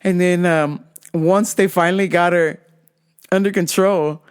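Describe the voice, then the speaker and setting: A woman's voice: fairly low pitch, fairly even intonation, measured pace, smooth. A woman hosting a podcast, telling stories in a profane, ranting way. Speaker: podcast host. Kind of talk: casual profane storytelling.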